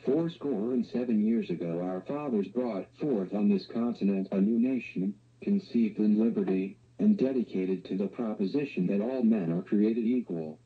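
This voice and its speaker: A computer text-to-speech voice of a man, reading in an even synthetic way through tinny playback. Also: fairly low pitch, moderate pace, few pauses, slightly rough. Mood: measured.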